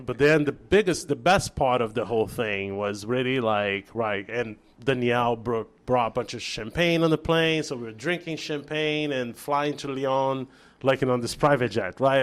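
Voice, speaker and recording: A man from Brazil, a chef guest on an interview show, telling a story in casual chat with lively restarts and acted-out dialogue. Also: mid-range voice. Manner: animated storyteller, acts out quoted dialogue, many restarts.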